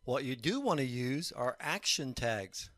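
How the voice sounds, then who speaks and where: A man teaching a recorded lesson on writing fiction, explaining points in a measured way. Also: mid-range voice, expressive, a bit bright, dry recording, studio quality. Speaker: college instructor.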